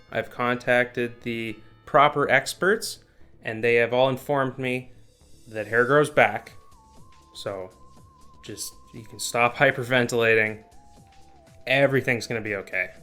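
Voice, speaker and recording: A man hosting a comedic movie review, narrating with sarcastic remarks and deadpan asides. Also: mid-range voice, clear, resonant tone, no room sound. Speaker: comedy video host. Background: faint music.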